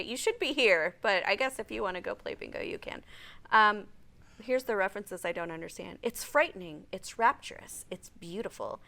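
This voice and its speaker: A woman's voice: mid-range voice, expressive, normal speed, vocal fry, sharp tone. A woman hosting a morning show, chatting casually and reading out event listings with frequent laughter. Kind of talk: casual studio chat.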